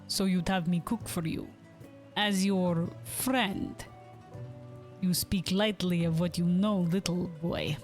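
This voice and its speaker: Woman putting on a stern, low-voiced old warrior. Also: steady tone, slow, a little mellow, faint music behind.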